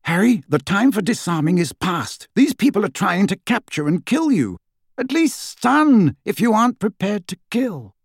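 A man's voice: a little high, very animated, normal speed, a little mellow, breathy edge, no echo, studio quality, full character voice. A man voicing a stern, tense adult wizard who speaks tersely and sharply. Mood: urgent.

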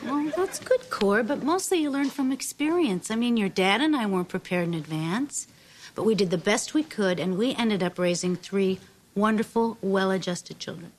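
An actress playing a middle-aged mother who gently reassures her son in a sitcom. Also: mid-range voice, expressive, normal speed, a little hiss or hum, natural voice, poor audio. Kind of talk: sitcom acting.

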